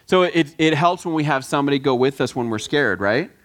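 A man giving a lively children's sermon, coaxing the kids to answer and join in. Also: on the high side, a little fast. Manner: lively, coaxing, quotes film lines with voices. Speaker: children's pastor.

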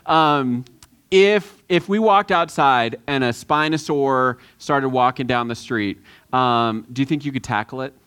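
A pastor giving a sermon in a conversational way, with many halting restarts and questions to the room. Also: male voice, mid-range voice, fairly bright tone, smooth.

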